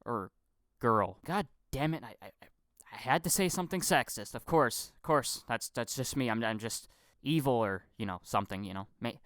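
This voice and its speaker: A young man rants about film acting, stammering, repeating words and swearing freely. His voice is smooth and mid-pitched, recorded close and dry with no room sound. He keeps breaking into mocking impressions. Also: expressive, normal speed, a bit bright, dry recording. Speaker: film commentary vlogger. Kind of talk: casual profane rant.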